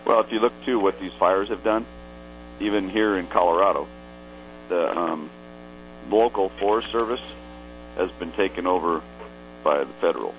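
A man's voice: low voice, moderate pace, long pauses, a little hiss or hum, rough recording. A man co-hosting a religious call-in radio show, talking conversationally and slipping into preachy asides. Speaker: radio co-host.

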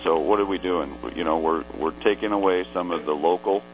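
A man's voice: low-pitched, a little fast, highs cut off, a little hiss or hum. A man co-hosting a religious call-in radio show, talking conversationally and slipping into preachy asides. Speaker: radio co-host.

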